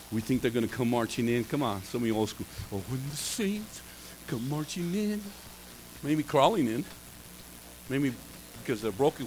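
Gravelly middle-aged preacher telling stories. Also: male voice, mid-range voice, a little hiss or hum, rough recording. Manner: humorous, rambling anecdotes with laughs. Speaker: pastor. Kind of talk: storytelling sermon. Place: church sanctuary.

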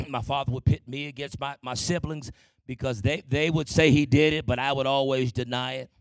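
A man shares his testimony before a congregation, speaking in a conversational storytelling way and often pausing to ask for an amen. His voice has a gravelly edge. The sound is dry and close. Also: medium pitch, steady tone, no echo.

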